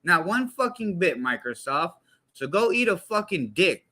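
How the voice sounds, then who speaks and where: A man's voice: sits high, big pitch swings, measured pace, pushed and bright. Blunt, foul-mouthed young man streaming. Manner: blunt and profanity-heavy, heavy slang. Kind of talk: casual livestream talk.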